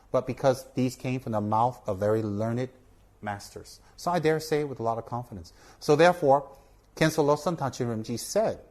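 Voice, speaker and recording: Brief male Buddhist teacher, casual earnest teaching talk, medium pitch. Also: darkish tone. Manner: earnest, repeats for emphasis, asks "okay?". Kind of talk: informal teaching talk to camera.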